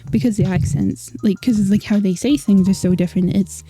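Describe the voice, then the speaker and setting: A woman's voice: mid-range voice, fairly even intonation, a little fast, dark tone. A young Scottish woman streaming, chatting casually with viewers and laughing often. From Scotland. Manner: chatty, laughing, filler-heavy.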